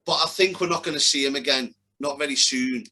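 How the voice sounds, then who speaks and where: A man's voice: medium pitch, fairly quick, pushed and bright, rough recording. A young man co-hosting a podcast, talking casually in blunt, sweary rants. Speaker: podcast co-host. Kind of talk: casual chat.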